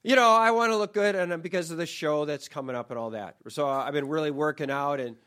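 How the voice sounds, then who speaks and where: A man's voice: fairly high pitch, quick pace, bright, forceful tone. A man casually co-hosting a chat show, telling a rambling story and laughing as he goes. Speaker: podcast co-host.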